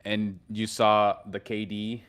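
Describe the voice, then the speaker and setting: Low-voiced man with a bright, hesitant delivery. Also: little pitch movement, slow, clear, resonant tone. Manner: hesitant, repeats words when starting. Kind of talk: casual gaming chat.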